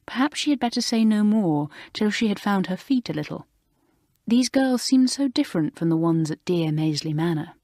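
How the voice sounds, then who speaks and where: A woman narrating a storybook audiobook in a calm, even reading voice. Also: mid-range voice, normal speed, dry recording, studio quality.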